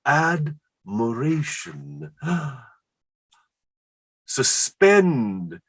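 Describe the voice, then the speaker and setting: A man reading the part of an excitable, word-smitten Elizabethan poet in a staged play reading, rhapsodic and quick to laugh. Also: fairly low pitch, breathy edge, exaggerated voice. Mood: rapturous.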